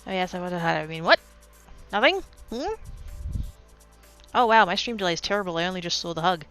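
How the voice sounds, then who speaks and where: A woman streaming from home at her desk mic, chatting with her viewers in a playful, goofy way. Her pitch jumps all over the place, and she breaks into sudden high squeals as she reacts to the chat. Faint music plays behind her. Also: expressive, a little fast, a bit bright. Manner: reads and answers chat as she goes. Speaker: livestreamer. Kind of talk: casual livestream chat with viewers.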